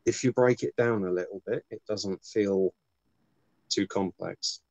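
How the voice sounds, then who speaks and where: Low-voiced man on a dry video call. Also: unhurried, gravelly, darkish tone, no echo, highs cut off. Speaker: host. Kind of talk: casual chat.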